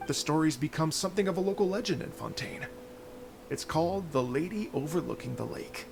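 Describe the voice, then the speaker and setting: An actor playing a gentle, courteous traveling musician who speaks softly and tells stories at length. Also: male voice, on the high side, expressive, brisk, gravelly, background noise. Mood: storytelling. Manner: soft-spoken, storytelling.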